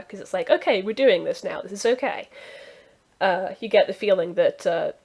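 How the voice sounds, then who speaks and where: A woman's voice: mid-range voice, darkish tone. A woman narrating as game master, chatty and full of restarts. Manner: chatty, with many fillers and restarts.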